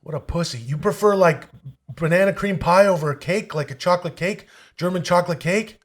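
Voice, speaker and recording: A man doing a mumbling boorish action star. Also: high-pitched. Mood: deadpan. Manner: slow, mumbling, deadpan and boorish. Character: crude, oblivious middle-aged male martial-arts action star. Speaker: interviewer. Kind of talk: improvised comedy impression.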